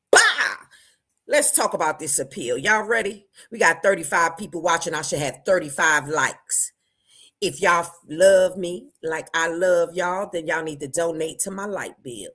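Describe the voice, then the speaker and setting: A woman hosting a casual livestream, greeting viewers by name, her voice jumping between loud bursts and low asides. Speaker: livestream host.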